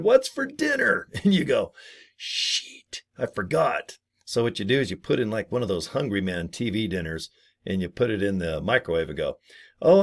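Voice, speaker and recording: A man's voice: on the low side, a little mellow. A man giving rambling, jokey advice in a casual video, acting out little scenes as he goes. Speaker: network marketer. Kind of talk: casual talking-head video.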